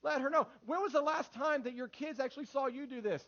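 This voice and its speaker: High-voiced preaching pastor. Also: male voice, a little fast, dull audio. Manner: lively preaching with acted quotes. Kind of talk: sermon. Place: church.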